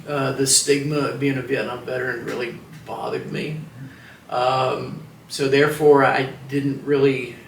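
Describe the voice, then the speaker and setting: With a creaky, medium-pitched voice, a man in his seventies, a veteran from Washington, DC, gives a hesitant, reflective oral history interview marked by many fillers and restarts. The recording is roomy from a distant mic, with a little hiss or hum.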